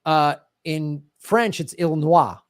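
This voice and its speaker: A man with a Chicago accent chats casually on a podcast, spinning anecdotes and laughing as he goes. His voice sits a little high. The sound is dry and close to the mic. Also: a little fast, dry recording. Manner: chatty storyteller, laughs often. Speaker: podcast co-host. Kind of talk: casual chat.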